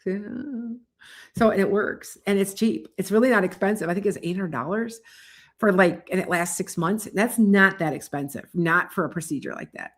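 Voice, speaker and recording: A woman's voice: mid-range voice, normal speed. A woman about to turn sixty, hosting a casual tarot livestream and chatting in a rambling, self-interrupting way. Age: 50s. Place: home livestream.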